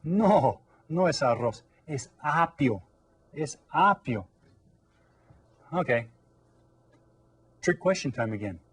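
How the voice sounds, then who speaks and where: A man teaching an elementary Spanish lesson on video, quizzing young pupils and repeating Spanish words slowly for them to follow. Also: on the high side, lively intonation, slightly rough, no room sound. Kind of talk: recorded classroom lesson for children.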